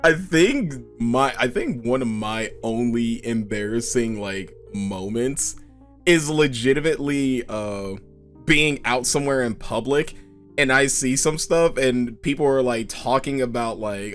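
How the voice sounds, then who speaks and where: A man's voice: mid-range voice, normal speed, a bit bright, soft background music. A man hosting a casual interview, laid-back, swearing freely and laughing often. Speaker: podcast host.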